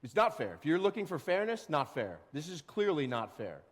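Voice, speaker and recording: A male pastor giving a casual, animated sermon and now and then acting out grumbling workers. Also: on the high side, a little fast, big-room sound. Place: church sanctuary.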